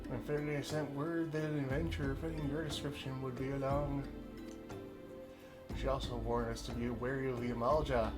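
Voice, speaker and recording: A man voicing a stern male camp leader from a game, reading formal old-fashioned lines in a vague made-up accent, with pauses and fillers, music playing behind. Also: medium pitch, natural voice.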